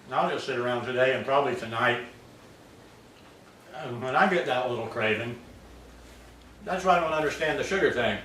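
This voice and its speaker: A man's voice: medium pitch, brisk, long pauses, echoey room, recorded from a distance, slight background noise, low-quality recording. Man, casual rambling vlog chat, set back from the mic, faint room ambience. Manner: rambling, relaxed, full of fillers. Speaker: vlogger making smoothies. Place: his home in the tropics.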